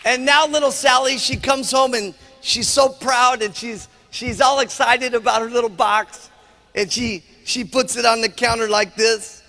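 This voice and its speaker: A man's voice: extremely high pitch, fairly even intonation, a little slow, pushed and bright. A man giving a motivational seminar speech as a business trainer, emphatic and forever asking "okay?". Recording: long hall reverb.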